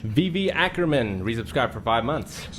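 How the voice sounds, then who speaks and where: A man's voice: mid-range voice, big pitch swings, moderate pace, fairly bright tone, slight background noise. Out-of-breath man reading donations. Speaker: podcast co-host reading donations. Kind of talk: casual chat.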